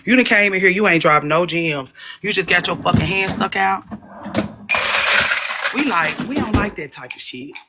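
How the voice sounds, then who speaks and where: A woman's voice: normal speed, very noisy. A woman hosts a casual livestream chat, speaking bluntly and animatedly. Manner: blunt and animated, jumps into higher voices for emphasis. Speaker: podcast host.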